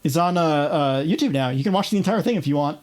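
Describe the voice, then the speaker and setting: A woman's voice: sits low, animated, fast, a little mellow. A young woman with a New York accent chatting casually on a livestream, rambling, laughing often and swearing freely. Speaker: streamer.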